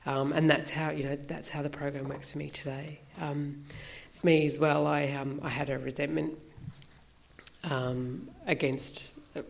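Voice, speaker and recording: A woman talks through her own experience in a reflective, halting way. Her voice sits low and carries a gravelly fry, and she often pauses on fillers. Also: level tone. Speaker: recovery meeting speaker. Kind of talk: personal sharing talk.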